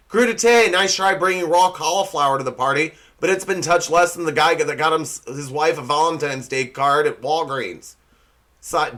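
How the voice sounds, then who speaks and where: A man's voice: a little high, sharp tone. A young man hosting a comedy show, delivering a sarcastic scripted roast monologue and laughing at his own slips.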